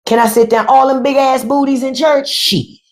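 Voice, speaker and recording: A woman hosting a live stream in casual comedic chat, loud and playful, swearing and swinging her voice from high to low. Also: fairly even intonation, moderate pace. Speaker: podcast host on a live stream. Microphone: phone or desk mic on a live stream.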